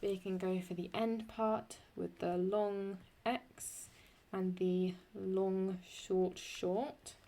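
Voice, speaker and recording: A woman teaching Latin poetic meter in a chatty way, thinking aloud and correcting herself, and reading Latin lines slowly and deliberately. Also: medium pitch, steady tone, warm tone. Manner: slow, deliberate Latin recitation. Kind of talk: screen-recorded lesson.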